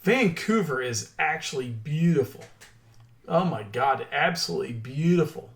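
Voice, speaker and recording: A man's voice: a little high, lively intonation, moderate pace, vocal fry. A middle-aged man with a Southern Oklahoma accent, chatting casually with his live-stream viewers, laid-back with many ums. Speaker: crypto stream host.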